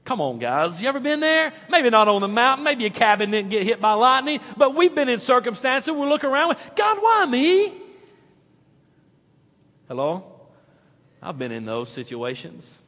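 A male pastor preaching a sermon in a church, swinging from loud animated peaks to hushed quiet stretches. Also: very high voice, brisk, hardly any pauses, long reverb tail.

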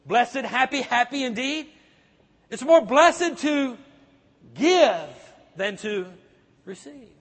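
A pastor preaching with a very high, husky voice that rises and falls widely as he presses his listeners with question after question. His voice rings through a church hall with a long, lingering reverb. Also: expressive, takes it slowly, pauses often, fairly bright tone. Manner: emphatic preaching with rhetorical questions to the congregation. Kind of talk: sermon.

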